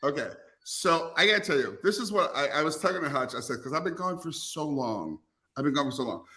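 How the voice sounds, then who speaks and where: Campy, bright-voiced man chatting. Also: fairly high pitch, big pitch swings, fast talker. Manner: playful, campy, emphatic. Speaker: podcast co-host. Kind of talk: casual chat.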